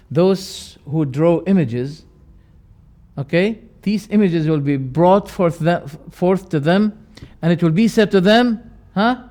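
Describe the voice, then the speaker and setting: A man with a high-pitched voice delivers a classroom lecture on creed. He is emphatic, swinging between loud rising phrases and quiet, dropped endings. He repeats key words to drive each point home. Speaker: religious teacher.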